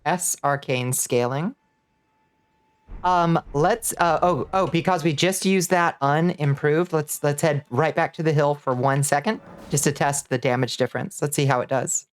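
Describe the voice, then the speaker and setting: A woman's voice: sits low, normal speed. A woman streaming a video game, chatting casually with her viewers, laughing often and thanking them as she plays.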